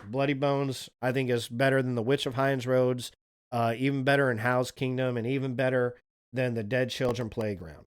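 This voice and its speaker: A man hosting a livestream, telling spooky folk legends in a relaxed, chatty way and swearing casually. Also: medium pitch, normal speed, clean tone. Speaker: streamer, host.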